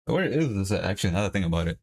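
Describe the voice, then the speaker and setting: A young man chatting casually while watching a match live and coaching viewers through a quick workout. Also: deep voice, big pitch swings, darkish tone. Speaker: livestream host. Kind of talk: casual watch-along chat.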